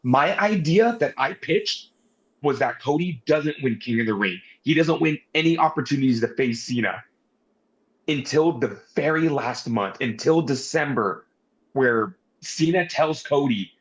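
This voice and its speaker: A man's voice: mid-range voice, a little slow. Male co-host, casual wrestling talk, playful ranting delivery, slightly muffled recording. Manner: animated, mock-ranting, swears. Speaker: podcast co-host. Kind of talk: casual wrestling review chat.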